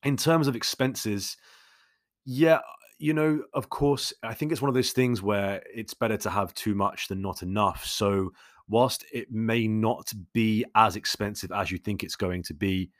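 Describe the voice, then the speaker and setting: Guy, deep voice, dry close sound, rambling friendly Q&A host. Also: unhurried, no room sound. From London. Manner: conversational, many fillers and restarts. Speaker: YouTube host answering viewer questions. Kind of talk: casual Q&A monologue.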